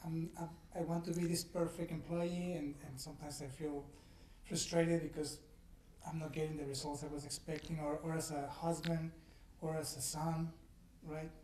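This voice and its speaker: A man's voice: on the high side, little pitch movement, moderate pace, darkish tone. A man asking a question at a service, hesitant and repeating words. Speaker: audience member asking a question. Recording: echoey room, distant mic, faint noise.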